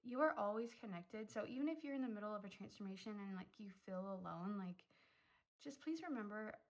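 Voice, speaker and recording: A young woman talks straight to her viewers through a tarot reading, loose and gushing, with plenty of "um" and "like" between thoughts. Her voice sits at an ordinary middle pitch for a woman, and she sounds moved and excited by what she describes. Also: fairly quick, poor audio. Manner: chatty, full of "um" and "like", emotional and effusive. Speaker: tarot reader. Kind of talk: casual pick-a-card tarot reading.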